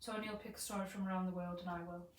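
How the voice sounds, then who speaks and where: A woman co-hosting a podcast, telling stories in an animated, sweary way. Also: on the low side, rapid-fire. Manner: animated storytelling, swearing, laughing through. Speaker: podcast co-host. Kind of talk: casual chat, storytelling. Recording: roomy, distant mic, faint background hum.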